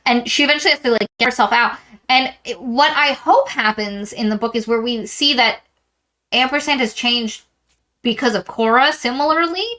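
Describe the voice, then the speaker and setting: A woman co-hosting a book podcast, recapping a novel in a rambling, animated way and acting out quotes from it. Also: fairly high pitch, normal speed, poor audio. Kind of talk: casual book discussion.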